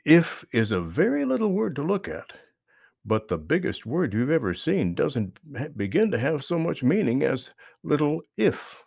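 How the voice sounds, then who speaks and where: A man narrating a children's book aloud, with expressive storytelling and lively emphasis. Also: on the high side, moderate pace, vocal fry, dry recording, clean studio sound.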